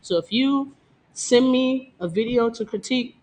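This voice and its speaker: A woman's voice: fairly high pitch, moderate pace, a little mellow. A woman dancer talking bluntly and profanely in a casual interview, laughing often and boasting. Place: Detroit.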